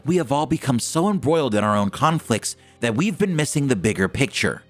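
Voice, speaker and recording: A man voicing a calm, serious woman sorceress. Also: medium pitch, a little fast, lightly acted. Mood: solemn.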